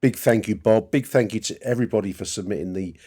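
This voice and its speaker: A man's voice: fairly low pitch, fast, warm tone. A man hosting a football podcast, chatting in a rambling, friendly way to his listeners. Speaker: podcast host. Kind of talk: casual podcast talk.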